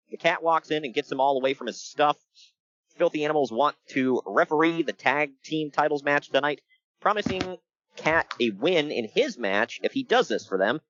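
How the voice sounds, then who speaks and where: Animated joking man recapping wrestling. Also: a little high, no room sound, highs cut off. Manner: joking, animated, laughs often. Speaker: podcast co-host. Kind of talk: casual chat recapping a wrestling show.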